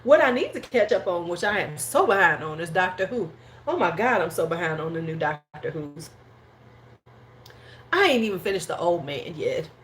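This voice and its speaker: A woman's voice: on the low side, animated, moderate pace. A woman hosting a casual livestream chat at home, rambling and slangy. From United States. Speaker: host.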